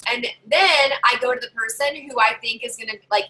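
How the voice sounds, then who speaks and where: Animated woman sales consultant, bright voice, a bit high, chatty trainer who acts out customer lines. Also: brisk, rough recording. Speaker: home party sales consultant. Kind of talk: casual training talk to fellow sellers.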